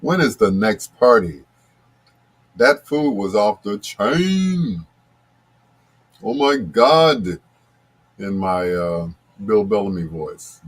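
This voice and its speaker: Late-night love-songs DJ, man, husky and slow, lively ups and downs, easygoing banter with listeners. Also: fairly low pitch. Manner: laid-back, chatty, talks to listeners by name. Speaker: radio show host. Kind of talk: late-night radio DJ chat.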